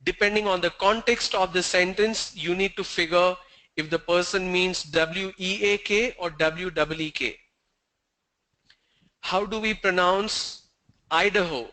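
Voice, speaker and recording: Brisk, strict teacher. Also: male voice, high voice, pushed and bright. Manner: spells words letter by letter, corrective, strict. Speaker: English pronunciation teacher. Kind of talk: online class answering student questions.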